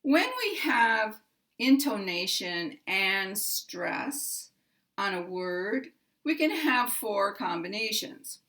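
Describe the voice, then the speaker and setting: Slow, careful American woman teacher. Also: mid-range voice, animated, bright, forceful tone. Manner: deliberate, measured delivery with clear demonstrations. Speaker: pronunciation teacher.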